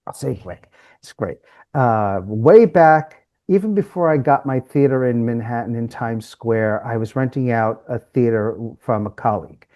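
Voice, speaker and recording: A man's voice: medium pitch, moderate pace, darkish tone. A man, a communication coach, guesting on a podcast and telling stories animatedly, acting out the people in them. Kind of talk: interview storytelling.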